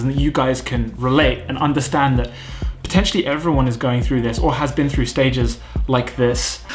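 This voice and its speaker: A British man in his thirties, vlogging to camera in an earnest, self-critical way, thinking aloud at home. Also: mid-range voice. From United Kingdom. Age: 30s. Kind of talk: candid reflective vlog talk to camera.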